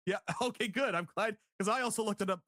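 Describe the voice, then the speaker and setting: A man co-hosting a casual podcast review, laughing often and acting out quotes in higher voices. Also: fast talker, a bit bright, no echo, clean studio sound. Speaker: podcast co-host.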